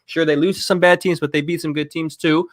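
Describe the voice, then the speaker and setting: A man co-hosting a podcast, ranting in an animated, exasperated way during casual chat. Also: fairly high pitch, brisk, no echo, clean studio sound. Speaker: podcast co-host.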